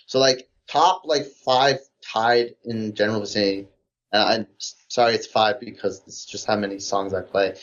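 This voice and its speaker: A man with a lowish, steady voice speaks at a normal pace, his tone fairly bright. He rambles through gamer chat in a casual podcast, leaning heavily on "like" with an enthusiastic fan's energy. The recording is muffled, dull lo-fi audio.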